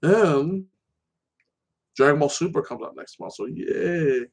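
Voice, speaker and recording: A man hosting his own show, chatting casually about TV shows and an upcoming fight, rambling and excitable, tagging "like that" onto his sentences. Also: a little high, unhurried, gravelly, slightly rough. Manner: animated, excitable. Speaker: show host.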